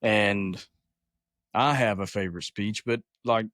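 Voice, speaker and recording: A man co-hosting a podcast in relaxed casual chat, enthusiastic with lots of hesitant fillers. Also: on the low side, takes it slowly, no echo, studio quality. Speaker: podcast co-host. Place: podcast studio filmed on camera.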